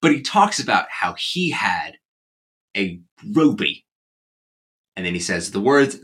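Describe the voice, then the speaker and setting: A young man hosting a casual movie chat, playful and quick to laugh. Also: fairly low pitch, very animated, fairly bright tone. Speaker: podcast host.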